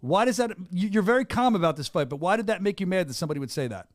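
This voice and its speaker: A man's voice: sits high, expressive, very fast, dry recording, studio quality. A man hosting a sports podcast, asking questions and teasing people in the room in a jokey, laughing way. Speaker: podcast host, announcer. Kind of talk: casual podcast interview.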